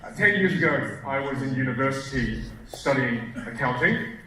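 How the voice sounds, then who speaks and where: A man's voice: medium pitch, lively intonation, normal speed, bright, forceful tone, distant mic. Man telling a playful story in an echoey hall. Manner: self-deprecating, playful storyteller. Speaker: keynote speaker. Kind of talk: comic storytelling keynote. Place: large event hall. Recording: echoey hall, crowd laughter.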